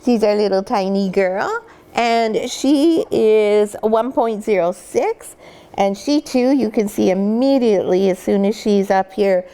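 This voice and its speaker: Gentle woman dog breeder teaching. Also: medium pitch, unhurried, clean tone. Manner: gentle, cooing baby talk to the puppies. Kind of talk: instructional demonstration.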